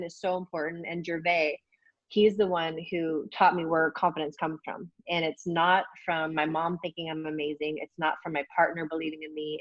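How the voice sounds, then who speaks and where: A woman's voice: low-pitched, no echo. A woman in her forties, an athlete guest in a casual interview, talking candidly and enthusiastically with lots of fillers. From United States. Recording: dull, dry lo-fi call audio.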